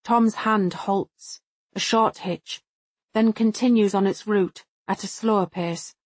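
A woman giving a measured, reflective first-person audiobook narration. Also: medium pitch, fairly even intonation, no echo.

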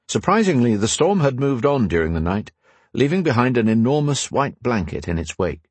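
Husky guy reading a fantasy book aloud, dry close sound. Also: mid-range voice, sing-song, normal speed, dry recording. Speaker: audiobook narrator. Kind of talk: scripted narration.

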